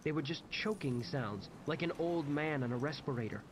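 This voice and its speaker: A man narrating a first-person horror story dramatically, shouting out the quoted lines. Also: on the high side, lively intonation, moderate pace. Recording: loud gunfire noise behind the voice.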